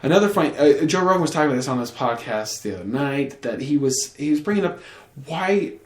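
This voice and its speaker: A man's voice: fairly high pitch, fast talker. A young man hosting a casual podcast, rambling and swearing freely as he tells stories and acts out quotes. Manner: rambling, profane, animated storytelling with acted quotes. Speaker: podcast host. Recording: roomy echo.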